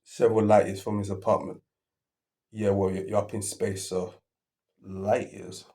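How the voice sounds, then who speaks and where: A man's voice: low-pitched, little pitch movement, moderate pace, heavy background noise. A man hosting a reaction video, rambling as he thinks aloud and keeps restarting his sentences.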